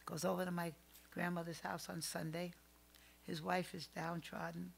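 An older woman telling family stories as a podcast guest, animated, swinging between loud outbursts and hushed asides. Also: fairly low pitch, normal speed, creaky, slightly rough. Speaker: psychic guest. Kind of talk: storytelling in a podcast interview.

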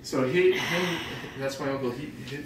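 A man's voice: fairly high pitch, normal speed, recorded from a distance, background noise. A man telling rambling, profanity-filled, laughing stories about his dog to a group. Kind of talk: casual storytelling tribute. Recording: very echoey, off-mic, crowd behind.

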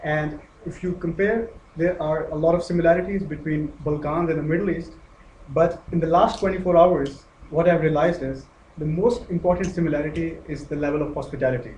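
A man from Pakistan with a Pakistani accent, giving an academic lecture in a measured way, pausing with fillers and restarts. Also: on the high side, steady tone, a little mellow. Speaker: guest lecturer. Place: lecture hall. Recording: echoey hall with faint noise.

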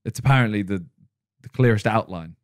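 A man's voice: fairly low pitch, fairly quick, no room sound, studio quality. A young man hosting a podcast, teasing his co-hosts in playful casual chat and reading out topics one by one. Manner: teasing, playful, reads list items aloud. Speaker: podcast host.

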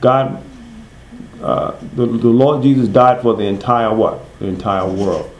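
A man teaching a Bible study. He asks his listeners questions and answers them himself, and he reads scripture slowly, stressing each word. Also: lowish voice, roomy sound, a little hiss or hum, poor audio.

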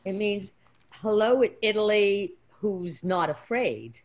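A woman's voice: mid-range voice, slow pace, highs cut off. A woman student in a casual group lesson, reading lines aloud and translating them, a bit tentatively.

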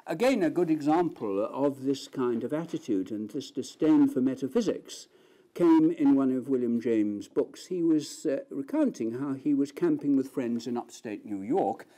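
Lively man giving a lecture. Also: medium pitch, normal speed. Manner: storytelling, acting out quoted voices. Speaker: philosophy lecturer. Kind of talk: academic lecture.

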